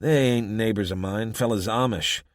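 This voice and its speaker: A man's voice: on the low side, normal speed, no echo, clean studio sound, pitched above the performer's own voice, natural voice. Brief: wary male mechanic, folksy rural talk, grim and blunt, as a male narrator puts him on.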